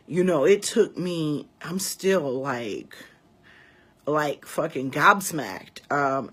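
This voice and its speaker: Husky profane woman from Chicago. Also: low voice. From Chicago West Side. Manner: emphatic, profane, talks straight to viewers. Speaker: vlogger and priestess. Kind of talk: casual storytelling rant to viewers.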